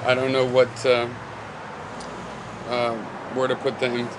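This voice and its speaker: A man's voice: mid-range voice, moderate pace, noisy background. A man gives a casual spoken reply to a commenter, rambling and thinking aloud with many fillers and restarts. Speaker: video blogger replying to a commenter.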